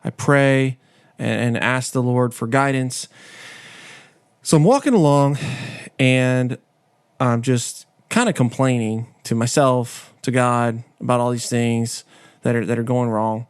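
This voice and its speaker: Here the podcast host uses a smooth, mid-range voice at a measured pace, with no echo. His casual monologue recounts something personal in a frank, conversational way laced with self-deprecation.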